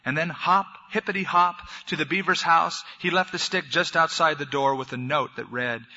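A pastor tells a story to his congregation, then leads them in prayer. His voice is bright and piercing, and the recording sounds dull and lo-fi. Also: a little high, normal speed, few pauses. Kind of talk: sermon storytelling.

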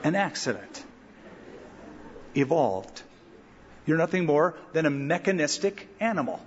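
A middle-aged man, a pastor, giving an animated verse-by-verse sermon with emphatic pauses, then leading a prayer. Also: fairly high pitch, a little hiss or hum. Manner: animated, emphatic preaching with dramatic pauses and asides. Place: large church sanctuary. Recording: dull lo-fi recording with long hall reverb.

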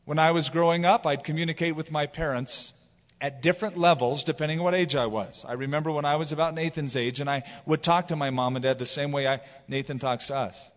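A man's voice: a little high, a little fast, long reverb tail. A man preaching a sermon as pastor, telling stories and acting out quotes as he goes. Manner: animated storytelling with acted quotes.

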